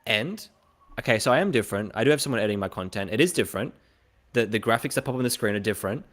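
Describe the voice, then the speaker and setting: Animated Australian man telling stories. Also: lowish voice, rapid-fire. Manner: animated storyteller who acts out other people's lines. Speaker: podcast host. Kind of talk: casual podcast chat.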